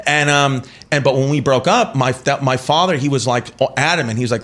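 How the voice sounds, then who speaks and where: A man's voice: medium pitch, fast, hardly any pauses, a bit bright. A man in his forties, a comedian guest telling a story on a talk show in a rambling, self-interrupting way, slipping into voices for the people in it. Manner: rambling, self-interrupting, breaks into laughter and impressions.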